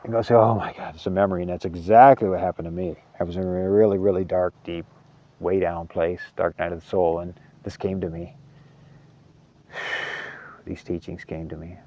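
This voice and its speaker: A man giving an earnest spiritual talk, halting often and repeating words as he searches for them. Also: deep voice, little pitch movement, warm tone, dull audio. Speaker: spiritual teacher.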